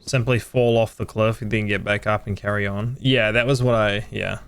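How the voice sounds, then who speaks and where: A man's voice: on the low side, fairly even intonation, normal speed, fairly bright tone, clear, resonant tone. A young man chatting casually with friends while playing a video game, joking, teasing and swearing freely. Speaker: gamer streaming with friends. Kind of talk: casual gameplay chat.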